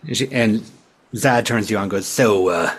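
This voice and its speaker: A man's voice: fairly low pitch, fairly quick, husky. A man narrating as game master in a loose, casual way, with many fillers.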